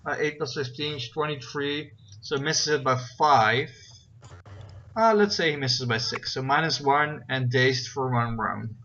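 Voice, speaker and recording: Bright-voiced man running a tabletop game. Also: mid-range voice, measured pace. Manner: rambling, filler-heavy, checks rules aloud. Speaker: game master. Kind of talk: narrating a tabletop game over voice chat. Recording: dull, lo-fi voice chat with faint noise.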